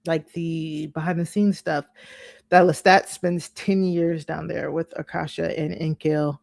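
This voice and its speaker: A woman's voice: low voice, unhurried, creaky, no room sound. A woman co-hosting a podcast, chatting casually and animatedly, acting out her reactions. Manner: animated, laughing easily, acts out reactions. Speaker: podcast co-host. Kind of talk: casual recap chat.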